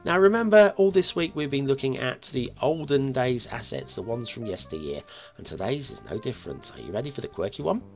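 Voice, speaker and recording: Man from the UK, gravelly lively voice, playful game commentary, faint music behind. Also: medium pitch, a little fast. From United Kingdom. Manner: chatty, playful asides and chuckles. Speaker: host of a map review show.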